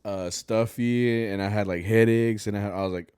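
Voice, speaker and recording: Laid-back young man, low voice, dry mic. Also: steady tone, moderate pace, darkish tone, clear, resonant tone, no echo. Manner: laid-back, swears and mixes Spanish phrases, laughs often. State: congested. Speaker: podcast co-host. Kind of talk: casual chat.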